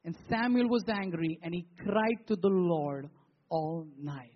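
A man preaching a sermon as pastor, posing rhetorical questions with emphatic pauses. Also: high voice, lo-fi sound, slight background noise.

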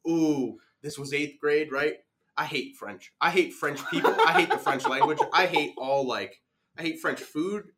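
A young man on a podcast telling a school story in a casual, animated way, laughing as he goes. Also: a little high, a little slow. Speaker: podcast guest.

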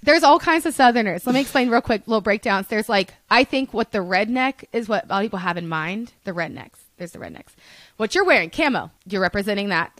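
A woman's voice: mid-range voice, animated, fast, fairly bright tone, no echo. A young woman, a podcast guest, chatting casually and telling rambling stories with laughter and swearing. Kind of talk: casual chat.

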